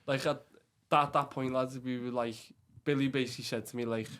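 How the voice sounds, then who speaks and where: Speaking at medium pitch in a steady, slightly bright tone, this young Liverpool man talks a little fast over faint background noise. He's on a podcast as a guest, and his casual, wandering chat is thick with fillers, swearing and repeated "lad," all in a Scouse accent from England.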